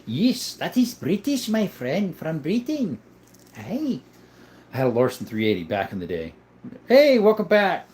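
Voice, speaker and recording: The speaker is a young adult livestream host with a slightly mellow mid-range voice, reading out viewer comments and responding in an easygoing, conversational style. The audio carries a bit of hiss or hum.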